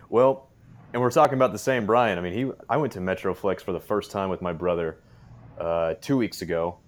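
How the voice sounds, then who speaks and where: A man's voice: low-pitched, moderate pace. A young man hosting an interview, asking questions in an eager, fan-like way. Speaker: podcast host, interviewer.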